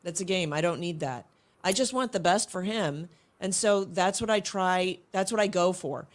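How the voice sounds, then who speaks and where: A woman's voice: lowish voice, moderate pace. A middle-aged woman, a guest in an interview, speaking earnestly and reflectively about parenting, often restarting her sentences. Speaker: guest, homeschooling mother. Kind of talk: casual interview chat.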